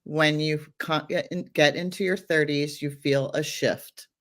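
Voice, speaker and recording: A woman's voice: low-pitched, steady tone, unhurried. A middle-aged woman chatting on a podcast as co-host, a mother who laughs often and gives firm advice. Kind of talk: casual podcast chat.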